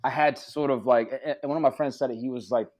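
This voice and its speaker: A man, an actor guest on a podcast, telling stories in an animated, casual way with plenty of cursing and acted-out quotes. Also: mid-range voice, fast. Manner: animated, profane, acts out quotes. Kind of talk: casual storytelling.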